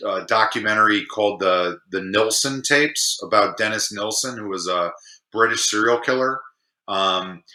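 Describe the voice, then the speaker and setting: A Chicago man with a low but bright, forward voice talks casually and pokes fun at himself. The recording is roomy and echoey. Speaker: podcast guest, screenwriter. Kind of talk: casual podcast chat. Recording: echoey room.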